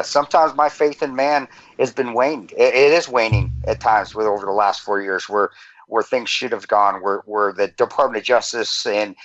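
A man's voice: lowish voice, a bit bright, lo-fi sound. A man hosting a podcast, talking earnestly with many stammers and restarts. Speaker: podcast host. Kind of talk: casual podcast conversation.

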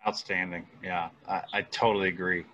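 A man with a fairly low but bright, forceful voice chats casually as a co-host. He is agreeable and affirming, and talks in a relaxed conversational way. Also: brisk, highs cut off, a little hiss or hum. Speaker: podcast co-host.

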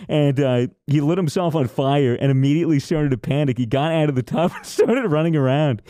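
Laughing man, mellow tone. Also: fairly high pitch, fairly quick, no room sound, clean studio sound. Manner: animated storyteller, laughs often. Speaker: podcast co-host. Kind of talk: casual chat.

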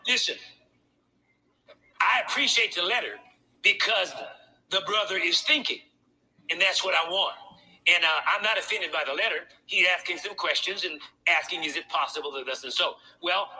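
Bright-voiced man preaching a sermon. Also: high-pitched, low-quality recording. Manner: conversational preaching with pointed asides. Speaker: pastor.

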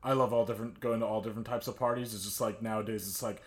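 A man's voice: lowish voice, fairly even intonation, very fast, crowd noise. A man co-hosting a podcast, chatting about a film in a rambling way full of fillers. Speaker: podcast co-host. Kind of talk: casual film discussion.

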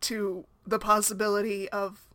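This chatty single mom blogger in her thirties talks casually about her own life, laughing readily and asking "right?" again and again. Her delivery is flat and moderately paced, in a bright-ish mid-range voice.

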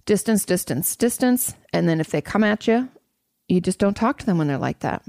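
Blunt, gravelly-voiced woman giving advice. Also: on the low side, lively intonation, moderate pace, darkish tone, dry recording, clean studio sound. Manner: blunt and candid, swears freely. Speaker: therapist host answering audience questions. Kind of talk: casual advice talk.

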